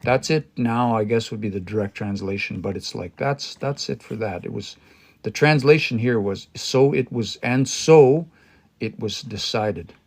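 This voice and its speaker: Male learner teaching on a live stream, mid-pitched, thinks aloud, frequent pauses and restarts. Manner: thinking aloud, pausing and restarting, reading phrases slowly. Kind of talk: casual live-stream language study.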